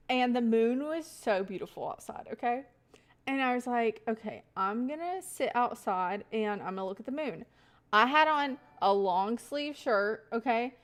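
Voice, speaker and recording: A young woman livestreaming, rambling casually to her chat with frequent laughs. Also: fairly high pitch. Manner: chatty, rambling, laughs often, talks to chat.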